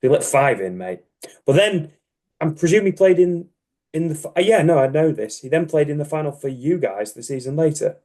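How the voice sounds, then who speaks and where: A man's voice: a little high, lively intonation, fairly quick, darkish tone. A man hosting a casual football podcast, teasing his guest and asking questions in friendly banter. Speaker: podcast host.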